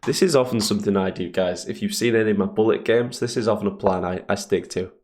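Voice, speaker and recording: A man streaming chess and thinking aloud in a casual, hesitant way, with a deep, gravelly morning voice. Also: fast talker, darkish tone. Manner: thinks aloud, hesitant fillers, chuckles often. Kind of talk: casual live commentary on chess games.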